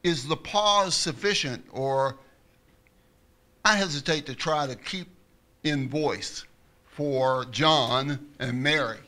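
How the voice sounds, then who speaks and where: A man in a workshop audience asks a question very slowly and deliberately. His voice sits a little high for a man and sounds bright. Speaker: workshop participant. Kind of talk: asking a question in class.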